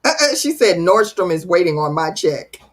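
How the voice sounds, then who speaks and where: Hosting a relaxed livestream, this woman reads her viewers' comments aloud with teasing, theatrical playfulness. Her voice is husky and fairly low, with a sing-song lilt at an ordinary speed.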